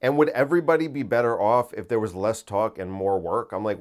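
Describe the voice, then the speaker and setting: A man's voice: fairly low pitch, a little fast. A man hosting a podcast, talking casually and incredulously, full of restarts and rhetorical questions. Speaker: podcast host.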